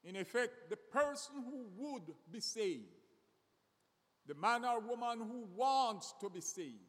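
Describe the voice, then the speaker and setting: A man preaching a sermon slowly and deliberately, often repeating words as he searches for the next one. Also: very high-pitched, animated. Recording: long reverb of a hall.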